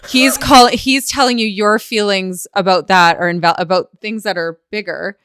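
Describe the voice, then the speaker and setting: A woman's voice: medium pitch, moderate pace, a bit bright, smooth. A woman hosting a podcast interview who reflects and thinks aloud as she responds to her guest. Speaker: podcast host. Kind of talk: conversational interview.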